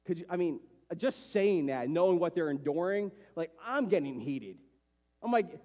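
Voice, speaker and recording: A man's voice: animated, moderate pace, a little mellow. A man pastor preaching a sermon with passion, acting out the voices of people he quotes. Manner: impassioned, acts out dialogue with rising pitch. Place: church sanctuary. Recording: long church hall reverb.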